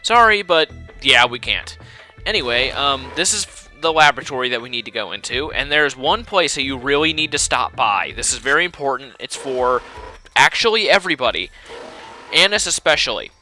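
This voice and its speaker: A man's voice: mid-range voice, animated, moderate pace, pushed and bright, faint music behind. A man giving casual, rambling commentary over a video game, slightly out of breath. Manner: chatty, rambling, with fillers and asides. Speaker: let's play narrator.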